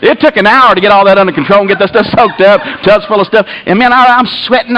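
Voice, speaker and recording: Fast-talking, laughing comic storyteller man. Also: poor audio. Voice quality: voice climbs high and loud when excited. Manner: animated, breathless, laughing as he talks. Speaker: comedian storyteller. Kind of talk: comic story to a live audience.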